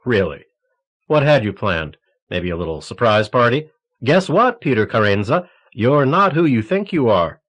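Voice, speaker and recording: A man's voice: fairly low pitch, very animated, normal speed, fairly bright tone. A man reading the lines of a young priest, grim and sarcastic as he pushes back. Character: young male priest, cornered and defiant.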